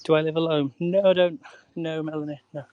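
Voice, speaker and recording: A man's voice: fairly high pitch, steady tone, a little fast, clean tone, no room sound, narrow, tinny audio. A man chatting casually to viewers on a live stream while walking outdoors along a canal towpath, greeting people and laughing often.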